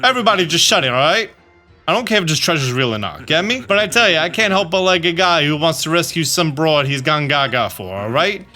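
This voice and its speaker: A man puts on a gruff mob boss from a video game, all tough-guy drawl and quiet threats. The voice swings in pitch and stays bright and forward, with faint game music behind it. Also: lively intonation, fairly quick. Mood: menacing.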